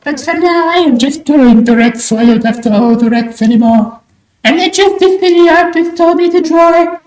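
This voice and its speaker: A young woman from Australia chats with her livestream as she draws, keeping up a high, theatrical bird-persona voice. Her throat sounds sore and strained from pushing it. The desk mic is turned up loud in a small room at home that gives her voice a roomy echo. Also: normal speed. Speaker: streamer. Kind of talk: livestream chat while drawing. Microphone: desk mic with high gain.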